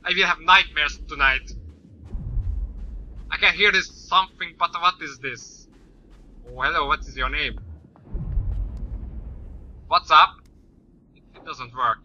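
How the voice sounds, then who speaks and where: A man doing let's-play commentary, swearing often and yelling at the game. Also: fairly high pitch, slow pace, long pauses. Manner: swears a lot, yells at the game. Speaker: gaming YouTuber. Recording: slightly dull lo-fi mic with faint noise.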